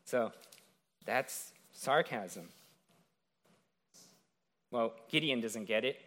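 A man's voice: mid-range voice, animated, very slow, fairly bright tone. A man preaching a sermon in a conversational way, retelling a scripture story and often checking in with "right?".

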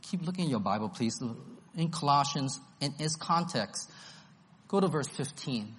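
A man's voice: a little high, animated, moderate pace, a bit bright. A man preaching an expository Bible-study sermon, emphatic and enthusiastic, repeating his key phrases.

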